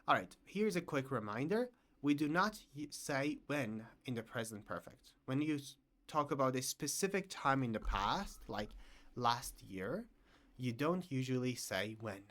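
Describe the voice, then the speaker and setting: A man teaching an English grammar lesson to learners, talking slowly and clearly and repeating each example sentence. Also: mid-range voice.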